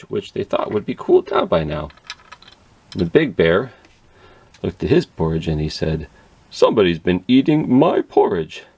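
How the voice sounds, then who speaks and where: A man's voice: low-pitched, gravelly, a little mellow, slightly rough. A man telling a children's story at a library in a playful read-aloud manner with sound effects.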